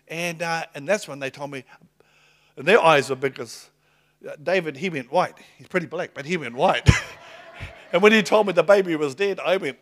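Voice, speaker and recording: A middle-aged man preaching a sermon, telling stories in a lively, excitable way and laughing between lines. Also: high-pitched, moderate pace. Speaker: pastor. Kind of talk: sermon with storytelling.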